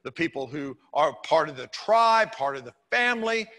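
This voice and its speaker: A man preaches from the pulpit in a high, ringing voice. His tone stays casual and chatty, with dry humorous asides. The church around him adds a long, lingering reverb. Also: expressive, moderate pace, bright, forceful tone. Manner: conversational, with wry humorous asides. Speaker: pastor. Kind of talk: sermon. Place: church sanctuary.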